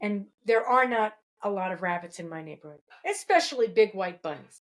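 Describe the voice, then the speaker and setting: A woman's voice: medium pitch, lively intonation, brisk, low-quality recording. A woman host on a video call, telling a personal story in a rambling, casual way. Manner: rambling, many restarts. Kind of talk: casual chat.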